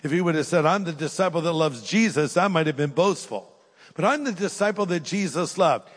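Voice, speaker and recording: A man's voice: on the high side, animated, brisk. Older male pastor preaching in a reverberant hall. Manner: earnest, dynamic swings from loud urging to hushed prayer. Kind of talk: sermon with closing prayer. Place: large church auditorium with live audience.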